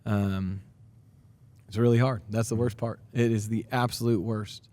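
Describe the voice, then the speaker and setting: Man, thirties, basketball coach, podcast interview, earnest and energetic, mellow warm tone. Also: on the low side, unhurried. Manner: energetic, earnest, many fillers and restarts. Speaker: high school basketball coach.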